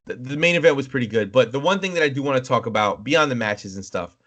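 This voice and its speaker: A man's voice: medium pitch, fast. Young man telling stories animatedly. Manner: animated storyteller, acts out quoted voices, swears. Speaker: podcast co-host. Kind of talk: casual chat.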